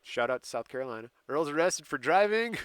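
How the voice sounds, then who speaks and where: A male podcast host recounting a story in relaxed chat, often breaking into laughter. His voice sits a little high and sounds bright and sharp, recorded close and dry. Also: a little fast, clean tone, no room sound. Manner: laughs often, reads dates and places in a storytelling way. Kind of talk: casual chat, telling a crime story.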